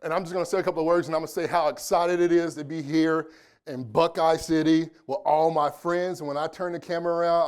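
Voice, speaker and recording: A man's voice: fairly high pitch, darkish tone, clean tone. Joking man working a live room. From Indianapolis, United States. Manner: joking, chatty, playful with the audience. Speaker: keynote speaker. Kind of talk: live motivational keynote talk. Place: conference room before a live audience.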